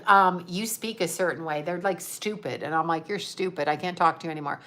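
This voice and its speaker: A woman's voice: medium pitch, pushed and bright. A woman working as a psychic medium, chatting casually on a livestream, rambling and laughing as she answers viewers. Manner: rambling, chatty, laughs often, reads viewer comments aloud.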